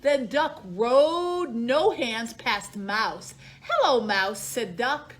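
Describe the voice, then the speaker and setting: Slow, lively-voiced woman reading a picture book. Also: a little high. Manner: slow, sing-song storytime voice that acts out the animals. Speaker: children's librarian.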